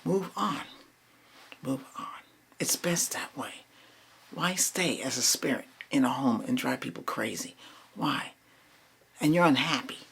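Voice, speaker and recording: Gravelly man softly commanding a spirit. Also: mid-range voice, lively intonation, unhurried, pauses often. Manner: soft, repetitive commands, slipping into whispers. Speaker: reiki healer. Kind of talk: ASMR spirit cleansing.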